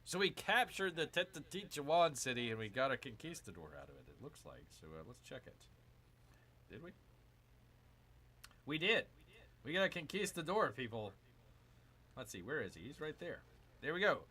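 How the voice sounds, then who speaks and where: Excitable man streaming a strategy game. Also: mid-range voice, normal speed, long pauses. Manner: excitable, exclaims and addresses viewers as "people". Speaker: gaming streamer. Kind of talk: live game commentary, reading chat.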